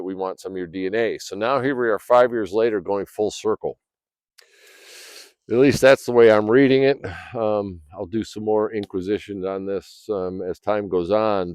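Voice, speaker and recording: A man telling a personal story in a rambling, casual way, clearing his throat often, recorded outdoors by a fire. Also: fairly low pitch, a little mellow, no room sound. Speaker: vlogger.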